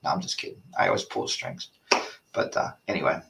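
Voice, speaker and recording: A man's voice: extremely low pitch, very animated, a little fast, gravelly, fairly bright tone, recorded from a distance, slight background noise. A man hosting a casual live-stream chat, rambling and ranting while reading viewer comments aloud. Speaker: host of a motorcycle chat show.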